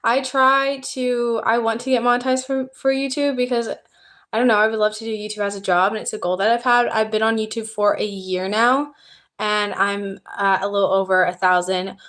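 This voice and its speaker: A woman's voice: mid-range voice, a bit bright. Chatty Southern young woman streaming. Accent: Southern American. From Southern United States. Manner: chatty and upbeat, reading out viewer comments and thanking new subscribers. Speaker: YouTuber hosting a livestream. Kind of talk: casual livestream chat.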